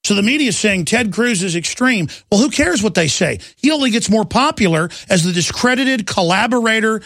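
A man's voice: sits high, expressive, brisk, fairly bright tone, no echo, studio quality. A middle-aged man hosting a talk radio show, delivering an urgent, impassioned political monologue. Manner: gravelly, urgent, ranting delivery.

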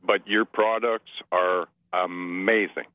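A man's voice: low voice, fairly even intonation, slow pace, no room sound. A man from Quebec calling in to a radio show, talking hesitantly with many fillers over the phone. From Quebec, Canada. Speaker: caller. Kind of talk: phone-in talk. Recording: tinny phone line.

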